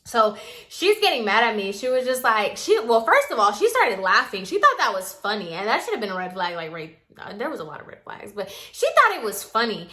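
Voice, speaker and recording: A young adult woman telling a personal story in a chatty, expressive way, peppered with "like". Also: on the high side, a little fast. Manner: chatty and expressive, heavy use of filler "like". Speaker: storytime vlogger. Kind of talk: casual storytelling.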